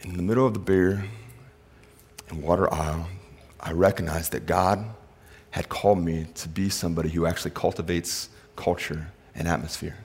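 A middle-aged man preaching a sermon, telling stories and moving from hushed lines to emphatic ones. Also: low voice, fairly even intonation, moderate pace, slightly rough. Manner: storytelling, swings from hushed to emphatic. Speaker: pastor.

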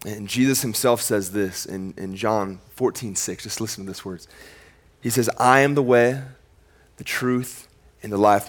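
A man of middle pitch preaches a sermon in a relaxed, conversational way. He swings from loud, emphatic declarations down to hushed, slowed passages, often repeating himself as he goes. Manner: casual, conversational phrasing with frequent repeats. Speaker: pastor.

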